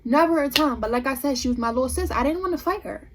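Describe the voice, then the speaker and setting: A young woman vlogger telling a storytime tale in an animated, emphatic way. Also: high-pitched, quick pace. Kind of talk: storytime vlog.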